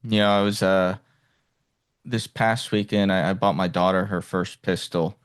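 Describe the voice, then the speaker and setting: Male podcast host, lowish voice, casual, stop-start delivery full of restarts. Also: steady tone, clear, resonant tone. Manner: halting, restarts with many "like"s. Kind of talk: casual interview chat.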